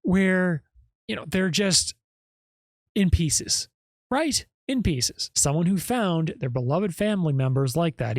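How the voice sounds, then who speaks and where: A man's voice: on the high side, dry recording. Emphatic man, dry podcast sound. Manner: emphatic, often checks in with "okay?" and "right?". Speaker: podcast host. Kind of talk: casual podcast commentary.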